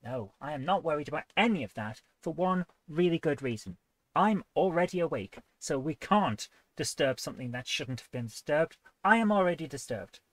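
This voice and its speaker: A woman's voice: sits low, expressive, moderate pace, dry recording. A woman hosting a live game coding stream, chatty and playful, often joking at her own expense. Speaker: host.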